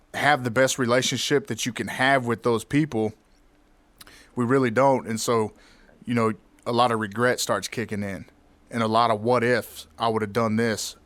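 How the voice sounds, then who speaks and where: A man hosting a podcast, telling a personal story in a reflective, candid way with halting restarts. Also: medium pitch, a bit bright, dry recording. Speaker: podcast host.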